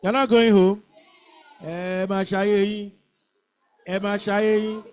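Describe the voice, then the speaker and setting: An older man with a Nigerian accent teaching an exam revision class, calling out words and slowly drilling pronunciation and stress. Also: sits high, flat delivery, darkish tone, clear, resonant tone. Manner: drills answers by call and repeat, stresses syllables slowly.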